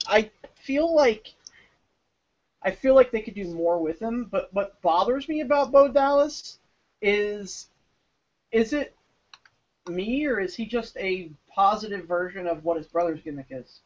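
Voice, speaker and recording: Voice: mid-range voice, a little slow, pauses often. Hesitant podcast co-host, lo-fi audio. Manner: hesitant, thinking aloud. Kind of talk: casual podcast chat.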